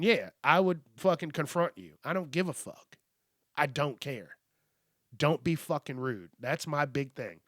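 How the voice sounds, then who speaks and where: A man's voice: on the high side, a bit bright, dry recording, clean studio sound. A man hosting a podcast, telling a story in a blunt, profane, rambling way. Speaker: podcast host. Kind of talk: casual storytelling monologue.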